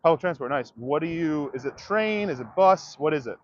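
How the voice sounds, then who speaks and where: A man's voice: on the high side, lively intonation, fairly quick, no room sound, lo-fi sound. A man livestreaming outdoors, ranting to his viewers in a profane, direct way. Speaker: comedian livestreamer. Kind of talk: livestream rant to chat.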